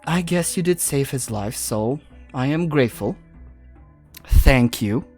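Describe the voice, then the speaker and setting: A prickly companion who nags and snaps, her voice pitched high and sharp, as a woman game master puts her on. She talks in a tabletop game with faint music behind. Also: animated, a little slow, slightly rough, exaggerated voice. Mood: haughty. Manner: sharp and indignant. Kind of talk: tabletop role-play voicing.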